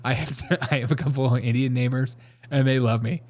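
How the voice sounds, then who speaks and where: A man's voice: medium pitch, fairly even intonation, fairly quick, a little mellow. Jokey man rambling on a live stream. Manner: rambling, jokey, laughing often; reads chat and answers it. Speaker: host of a live show. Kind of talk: casual live-stream chat with viewers.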